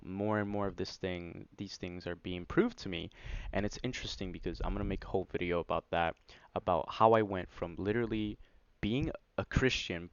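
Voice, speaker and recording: A man telling a personal story on his vlog in a casual, rambling way, full of "like" and "you know", excited as he recounts it. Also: low-pitched, vocal fry, dry recording. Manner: excited, animated retelling. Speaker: vlogger. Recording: dry, slightly dull lo-fi recording.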